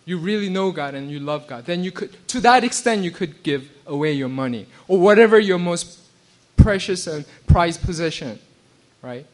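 A pastor preaching a sermon in a conversational way, often restarting and checking in with "right?". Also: male voice, high voice, animated, moderate pace. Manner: acts out quoted voices with bursts of laughter.

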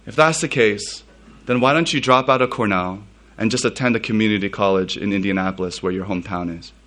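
A man's voice: on the low side, brisk, fairly bright tone, voice pushed down, natural voice. A man doing his weary, resigned father. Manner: resigned, repeating himself. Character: weary older immigrant father conceding to his son.

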